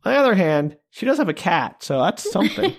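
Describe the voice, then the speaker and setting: A woman co-hosting a podcast, reacting with dry, wry jokes and quick questions. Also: fairly low pitch, very animated. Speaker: podcast co-host. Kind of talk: casual chat.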